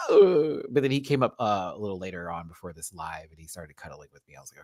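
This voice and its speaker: A man hosting a casual live-stream review, chatty and sassy, calling viewers honey and child, often swooping up into high exclamations. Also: fast talker, few pauses. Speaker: show review host.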